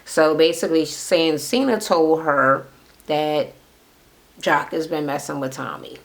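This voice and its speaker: A woman's voice: sits low, unhurried, gravelly. A woman recapping a reality TV episode in a gossipy, profane, casual rant, acting out the cast members' lines as she goes. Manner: gossipy, profane, retells scenes by quoting the cast.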